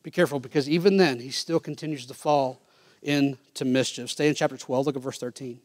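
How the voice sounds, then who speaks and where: A male pastor preaching a sermon and reading scripture aloud. He swings from loud, high-pitched emphasis down to quiet, low asides. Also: steady tone, brisk, dry recording. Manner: reads scripture in King James wording.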